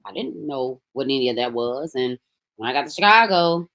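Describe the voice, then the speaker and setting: A woman from Memphis with a Southern accent, a podcast guest telling her story in a relaxed, conversational way. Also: very deep voice, normal speed. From Memphis, Tennessee. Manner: relaxed, conversational, animated when quoting others. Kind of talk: casual storytelling interview.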